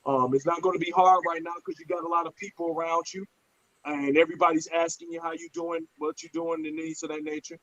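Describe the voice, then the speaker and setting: A man's voice: fairly high pitch, fast, low-quality recording. A man, telling stories bluntly and profanely in a casual podcast chat. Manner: blunt, profane, animated storyteller.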